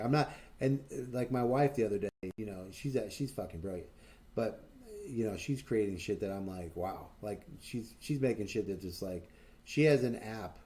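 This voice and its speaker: His voice is lowish and mellow as he hosts a casual livestream, rambling through boastful stories with plenty of enthusiasm. He swears heavily and keeps stumbling into fillers and restarts.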